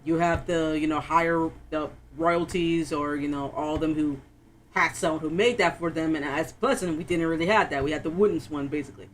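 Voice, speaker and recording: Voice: mid-range voice, brisk, slight background noise. Chatty streamer telling stories. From Florida, USA. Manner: animated storyteller, laughs often, acts out quotes. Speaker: game streamer. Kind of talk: casual chat while playing.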